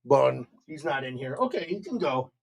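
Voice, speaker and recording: A middle-aged man from Montana doing excitable live play-by-play for a fan stream at home, chatting with viewers between calls. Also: a little high, a little fast, husky.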